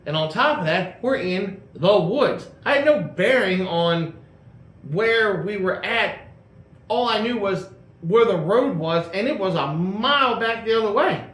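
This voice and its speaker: A man's voice: sits high, expressive, measured pace, a bit bright. A man casually telling a long personal story, rambling with lots of fillers and restarts. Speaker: host telling a car story. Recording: echoey room with faint ambience.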